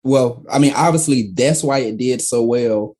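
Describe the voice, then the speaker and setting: A man's voice: medium pitch, normal speed, a little mellow. A man co-hosting a casual podcast chat, chuckling and thinking aloud as he talks. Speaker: podcast co-host.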